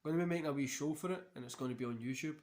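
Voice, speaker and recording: A man's voice: on the high side, rapid-fire, a little mellow. A Scottish man in his thirties hosting a wrestling watch-along, talking casually in a rambling, chatty way and laughing often. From Scotland. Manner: chatty and rambling, laughs often, local words like wee and yous. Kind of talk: casual commentary while watching.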